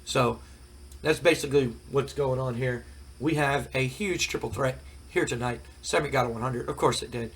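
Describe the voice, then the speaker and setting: A man's voice: mid-range voice, moderate pace, fairly bright tone, husky. A man recapping a wrestling sim game in a rambling, casual way, his voice cracking from a cold. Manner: rambling casual, many fillers. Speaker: gaming channel host. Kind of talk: let's play recap commentary.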